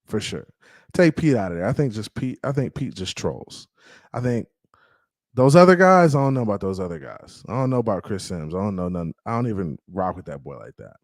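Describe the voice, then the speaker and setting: A man's voice: on the low side, lively intonation, a little fast, no echo. A man hosting a casual sports fan livestream, reading out chat messages and greeting viewers by name in hyped, slangy talk. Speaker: fan podcast host reading live chat.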